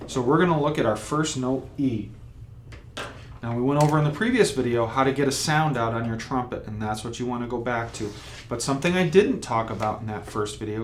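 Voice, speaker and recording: In an instructional video, a man with a medium-pitched voice gives a beginner trumpet lesson. He explains patiently step by step and sounds out rhythms along the way, over a slight hiss or hum.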